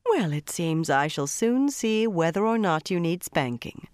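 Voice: medium pitch, big pitch swings, measured pace, clear, resonant tone, no echo. A commanding ageless woman in an audiobook, as the narrator puts her on. She sounds pleasant, with a dry, cutting edge underneath. The recording is close and dry. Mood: dry scorn.

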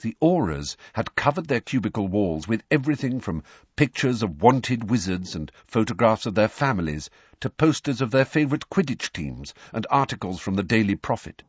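Male audiobook narrator: low, husky and animated, on a dull, dry recording. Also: normal speed, no echo. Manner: expressive storytelling with lively pitch.

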